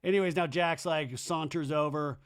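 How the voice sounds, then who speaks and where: A man hosting a podcast, recapping a TV episode in a gossipy, animated way. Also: on the high side, moderate pace, smooth, no echo, studio quality. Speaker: podcast host. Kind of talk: comedic TV recap.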